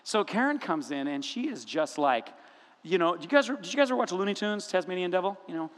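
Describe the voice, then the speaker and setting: Animated pastor, man preaching in a reverberant hall. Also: high-pitched, brisk. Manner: animated humorous storytelling. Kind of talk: sermon. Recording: long reverb of a large room.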